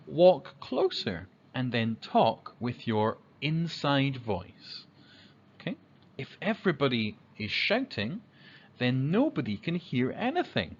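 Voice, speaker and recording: Slow, lively male teacher. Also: highs cut off, slight background noise. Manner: slow, clear, acts out examples in a high child's voice. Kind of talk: children's lesson on manners.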